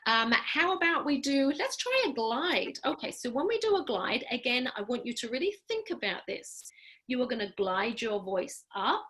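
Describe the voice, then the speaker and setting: Woman speech therapist on a video call, bright forceful voice, upbeat coaching, clear and deliberate. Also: a little high, big pitch swings. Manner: upbeat, encouraging, coaching a group; clear, deliberate, instructive delivery. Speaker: speech-language pathologist. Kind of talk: online class leading voice exercises. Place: home, during a live online program.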